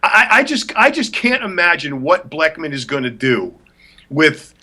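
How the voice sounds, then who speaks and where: A man with a high, bright voice rants on a talk show. He is blunt and scornful and hammers his points home by repeating them. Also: sing-song, unhurried. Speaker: podcast co-host. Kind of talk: opinionated rant.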